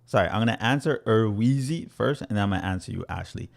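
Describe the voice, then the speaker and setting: A young man with a low, gravelly voice chats energetically through a crypto livestream. He answers viewers directly in a playful, loose way. He has some grit on the low end. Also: fast, few pauses. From Canada. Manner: energetic, chatty, playful with viewers, laughs often. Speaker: crypto educator hosting a livestream.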